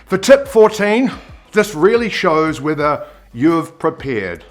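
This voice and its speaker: A man giving an on-camera presenting lesson, expressive and demonstrating pitch and pace as he explains. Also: slow pace, soft background music. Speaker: presenter coach.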